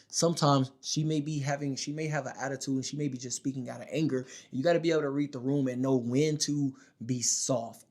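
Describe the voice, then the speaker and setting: Man in his own voice, casual advice-vlog monologue, emphatic street slang, middle pitch, not a deep voice. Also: darkish tone. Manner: emphatic, slangy, keeps checking in with "all right?" and "my dog". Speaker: dating advice creator. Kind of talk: casual direct-to-camera monologue.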